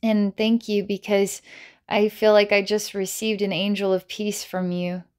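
A woman's voice: mid-range voice, little pitch movement, a little slow, a little mellow, clean tone. A woman psychic healer narrating a guided healing session, talking playfully with giggles and many filler words.

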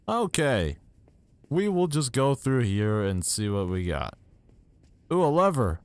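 Excitable young man commenting on gameplay. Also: medium pitch, slow pace, clear, resonant tone, no room sound. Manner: excitable, self-mocking reactions while playing. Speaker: gaming YouTuber. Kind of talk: casual let's-play commentary. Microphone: new desk microphone.

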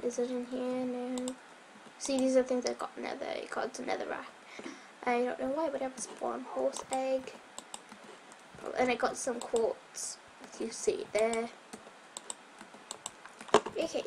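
A woman casually commenting on her gameplay, rambling and correcting herself, sometimes dropping to a soft whisper, her voice a bit strained. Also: high-pitched, flat delivery, measured pace, gravelly, background noise. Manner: rambling, self-correcting, chatty. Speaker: Minecraft let's player.

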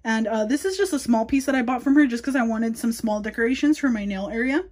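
A young woman giving a casual, chatty tour of her nail room, talking fast and a little nervously, with many fillers. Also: on the high side, darkish tone. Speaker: nail artist showing her workspace.

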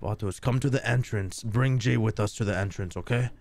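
A streamer voicing a hot-headed Chicano gang member in a game roleplay, yelling and cursing with street slang. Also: male voice, lowish voice, fairly quick, gravelly, pitched below the performer's own voice. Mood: frustrated. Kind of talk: gta roleplay in character.

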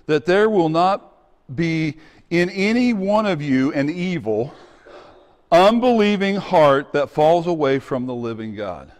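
A man with a high voice delivers a sermon in a church sanctuary. He preaches with energy, acting out the people in his story and now and then shouting. His voice carries a long hall reverb. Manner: animated, acts out voices and shouts. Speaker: pastor.

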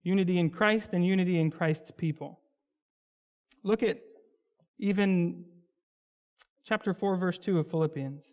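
A pastor with a notably high voice delivers a verse-by-verse sermon, drawing out words he wants to stress. The sound is muffled and lo-fi, with a long echo rolling through the sanctuary. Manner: expository preaching, slows down for emphasis on key words. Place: church sanctuary. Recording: dull, lo-fi church recording with long hall reverb.

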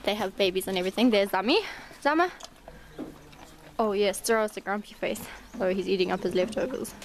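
Talking fairly quickly over a little hiss or hum, a woman vlogs her way through the stables. She chats easily with her audience, and when she calls to the horses her voice lifts into a high sing-song in this casual walk-and-talk.

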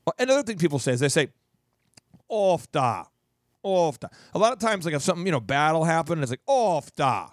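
A man from Minnesota hosting a podcast, talking through advice in a jokey, animated way with lots of repetition. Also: fairly high pitch, racing, few pauses, dry recording, studio quality. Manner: jokey, animated, repeats phrases. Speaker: podcast host and business coach. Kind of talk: advice monologue.

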